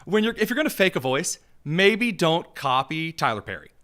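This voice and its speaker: A male host delivering opinionated political commentary in a sarcastic, mocking, rapid-fire way. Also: on the high side, big pitch swings, bright, forceful tone.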